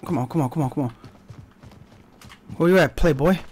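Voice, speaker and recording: A young man streaming a shooter game, commenting loudly with profane trash talk and sudden yelps. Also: a little high, brisk, slight background noise. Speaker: gaming streamer. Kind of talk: live gameplay commentary.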